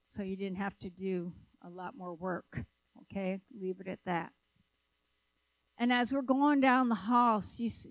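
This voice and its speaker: A woman preaches in a conversational, animated manner, talking directly to her listeners and asking them questions. Her voice sits at an ordinary middle pitch. The recording is dry and close, with little room sound. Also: no room sound, poor audio. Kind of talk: sermon with storytelling.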